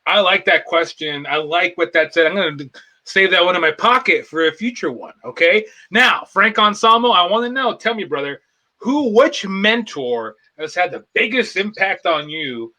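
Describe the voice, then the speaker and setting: A man's voice: high-pitched, expressive, moderate pace, pushed and bright, full character voice, rough recording. A man in an improv comedy show playing a pompous self-help guru who hosts and rambles in mock-profound phrases.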